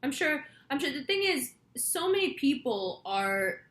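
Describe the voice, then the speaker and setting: A woman's voice: high voice, big pitch swings, a little slow, fairly bright tone. Chatty woman in an echoey room. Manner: chatty, rambling, swears freely. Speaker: astrology reader. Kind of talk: casual storytelling monologue.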